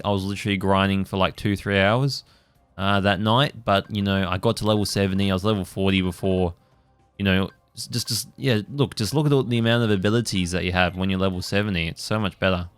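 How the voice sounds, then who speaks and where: A man's voice: lowish voice, steady tone, fairly quick, clean tone, dry recording, faint music behind. A man hosting a gaming channel, giving casual let's play commentary, rambling with many fillers and the odd swear.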